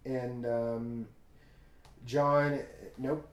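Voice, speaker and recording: A man's voice: medium pitch, little pitch movement, drawn-out words, dull audio. A man co-hosting a podcast, chatting casually and recapping a TV episode in a rambling way full of "like". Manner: rambling, filler-heavy, full of "like". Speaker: podcast co-host. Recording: echoey room.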